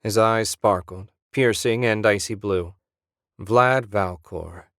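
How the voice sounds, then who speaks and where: Low-voiced male audiobook narrator. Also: slow, fairly bright tone, no echo, studio quality.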